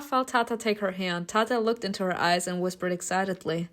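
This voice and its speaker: A woman reading a story game's narration aloud, breaking off for loud, laughing reactions and casual swearing. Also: mid-range voice, moderate pace, hardly any pauses. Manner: reads narration evenly, bursts into loud laughing outbursts. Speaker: streamer reacting to a story game.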